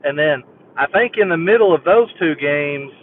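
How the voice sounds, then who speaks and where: A man's voice: a little high, lively intonation, normal speed. A man calling in to a sports show, telling a rambling fan story and laughing as he goes. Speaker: caller. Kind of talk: phone-in chat. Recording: tinny phone line with faint hiss.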